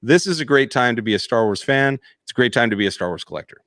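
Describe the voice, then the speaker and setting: A man appearing as a guest on a live fan show, relaxed, laughing easily and sometimes searching for words. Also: medium pitch, quick pace, no echo, studio quality. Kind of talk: casual chat.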